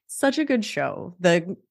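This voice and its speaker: A woman hosting a solo podcast, talking in a chatty, animated way and laughing often. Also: mid-range voice, creaky, dry recording, studio quality. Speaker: podcast host. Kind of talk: casual solo podcast talk.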